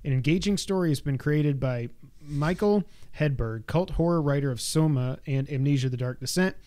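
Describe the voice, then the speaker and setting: A man's voice: fairly high pitch, moderate pace, dark tone. A man co-hosting a podcast from home, reading a press release aloud with joking asides and telling stories in casual chat. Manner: reads press copy with asides and jokes. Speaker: podcast co-host.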